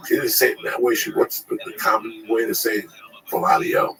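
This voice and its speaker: Comedian guy, low gravelly voice, crude stories, crowd noise behind. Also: quick pace, poor audio. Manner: crude, animated, acts out the people in his stories. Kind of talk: casual storytelling chat.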